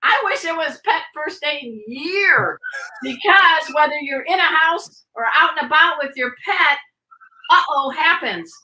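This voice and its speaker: Bright upbeat woman guest, lively teaching style, roomy echoey sound. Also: sits high, measured pace. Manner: energetic, demonstrative teaching. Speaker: pet first aid instructor, show guest. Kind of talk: video podcast interview. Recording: roomy echo.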